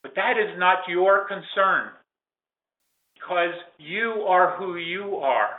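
A man channeling a calm, benevolent male ascended spirit, speaking in slow, measured, solemn pronouncements. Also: high-pitched, voice pushed down. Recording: echoey room, tinny phone-like sound.

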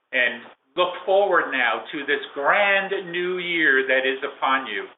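A man channeling a calm, benevolent male ascended spirit, speaking in slow, measured, solemn pronouncements. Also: mid-range voice, slight background noise, pitched below the performer's own voice, natural voice. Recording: echoey room, tinny phone-like sound.

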